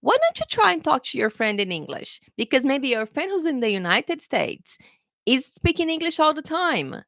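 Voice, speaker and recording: A woman's voice: mid-range voice, bright, forceful tone, no room sound, studio quality. A woman from Brazil with a Brazilian accent, an English teacher chatting on a live stream Q&A who keeps checking in with her viewers.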